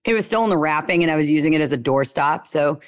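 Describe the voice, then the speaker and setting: A young woman with a Southern Louisiana accent shares her story as an interview guest in a casual storytelling style. Her voice sits a little low, and she talks fast in a loose, lively way, tossing in playful asides.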